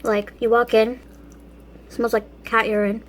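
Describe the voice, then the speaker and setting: A woman's voice: a little high, flat delivery, measured pace, slight background noise. A woman hosting a casual vlog, telling a story while eating and laughing often between phrases. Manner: eats and talks with food in mouth. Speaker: vlog host.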